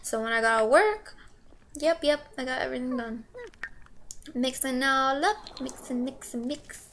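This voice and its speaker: A woman's voice: sits high, a little slow, a bit bright, a little hiss or hum. A young woman casually commenting on her gameplay, playful and giggly, humming and singing little tunes to herself.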